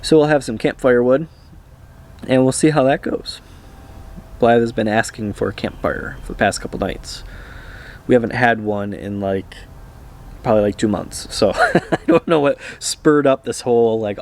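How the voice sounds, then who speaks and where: A man vlogging in a relaxed, rambling way, with frequent hesitations and fillers. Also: on the low side, moderate pace. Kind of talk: casual chat to camera.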